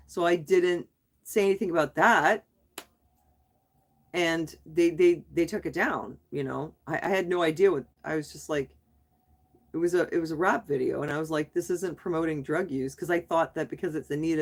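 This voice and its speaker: A middle-aged woman talking on a live stream, venting her frustration in a rambling way, with restarts and trailing sentences. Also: deep voice. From Canada. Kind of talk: casual live stream chat.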